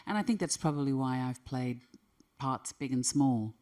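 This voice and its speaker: A woman's voice: very deep voice, moderate pace, dark tone. A woman in her fifties, an actress answering interview questions in a thoughtful way, often restarting her phrases. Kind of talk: conversational interview.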